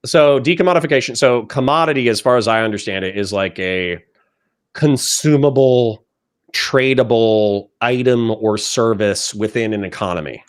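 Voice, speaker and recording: A man arguing as a guest in a heated political debate, forceful, combative and profane. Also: mid-range voice, normal speed.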